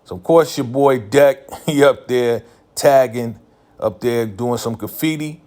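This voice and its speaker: A man's voice: medium pitch, measured pace, darkish tone. A man casually recapping a TV episode in a laid-back, slangy way, full of filler phrases.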